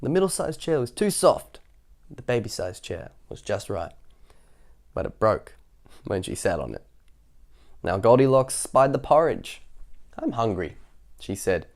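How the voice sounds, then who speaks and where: A man's voice: mid-range voice, sing-song, unhurried, pauses often. Playful man reading a picture book. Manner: playful, chatty asides and laughter between passages. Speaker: children's story reader.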